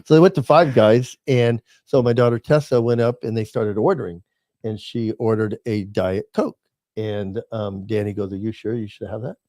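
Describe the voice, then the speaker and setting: Low, mellow-voiced older man storyteller. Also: steady tone, moderate pace, dry recording, studio quality. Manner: storytelling, folksy, repeats words. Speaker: podcast co-host. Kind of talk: casual chat.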